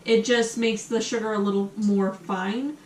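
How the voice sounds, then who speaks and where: A woman's voice: mid-range voice, steady tone, unhurried, darkish tone, a little hiss or hum. An American woman hosting a casual home cooking demonstration, chatty and full of ums as she talks while she cooks in her kitchen. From USA. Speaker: cooking show host. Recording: echoey kitchen, mic at a distance.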